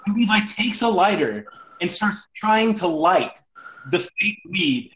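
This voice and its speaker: Here a young man's high voice moves at a moderate pace as he narrates a story to friends on a phone line with faint noise. He acts out others' dialogue with energy and breaks into laughter frequently.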